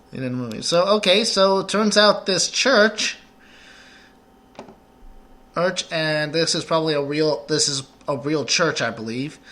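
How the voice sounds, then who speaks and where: A man's voice: a little high, sharp tone. A man giving rambling, joking let's play commentary while he plays.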